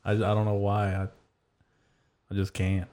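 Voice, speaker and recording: A man with a fairly low voice hosts a podcast in loose, casual conversation. His humor is dry and deadpan, and he delivers jokes flatly. He speaks at an easygoing pace. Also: a little slow. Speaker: podcast host. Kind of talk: casual chat.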